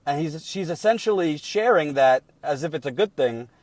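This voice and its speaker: A man giving indignant political commentary while reading out leaked emails, emphatic and deliberate, with many repeated restarts. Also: fairly high pitch, expressive, darkish tone, dry recording. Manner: deliberate and slowed when troubled.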